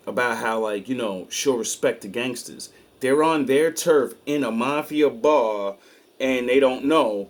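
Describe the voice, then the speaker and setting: Male streamer, mid-pitched, swears freely, tells stories bluntly and with emphasis. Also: a little mellow. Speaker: streamer reacting to clips. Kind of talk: casual profane commentary.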